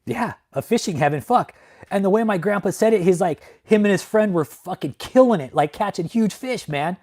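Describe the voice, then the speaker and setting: In a high voice with lively intonation and a little mellowness, a young livestream host talks casually to his viewers at a moderate pace. He rambles emotionally, swears heavily, and ends his sentences with "man."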